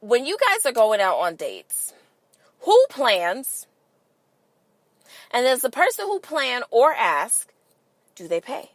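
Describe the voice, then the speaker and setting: A woman's voice: on the high side, wildly swooping pitch, slow, long pauses, no room sound. A woman hosting a podcast in a casual monologue, emphatic and swearing freely, firing rhetorical questions at listeners. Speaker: podcast host.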